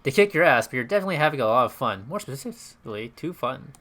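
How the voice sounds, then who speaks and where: Relaxed man reading a game aloud. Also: mid-range voice, quick pace. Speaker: game streamer. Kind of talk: casual let's-play commentary and reading game text aloud.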